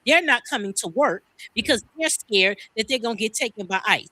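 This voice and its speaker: A woman's voice: a little high, animated, a little fast, sharp tone, no echo. A woman from the United States co-hosting a podcast, ranting in a profane, fired-up way. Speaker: podcast co-host. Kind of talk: heated casual podcast talk.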